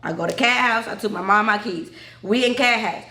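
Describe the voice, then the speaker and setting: A woman's voice: mid-range voice, a little fast, sharp tone, echoey room. A young woman, telling her own story to the camera in a blunt, profane way and calling her viewers y'all.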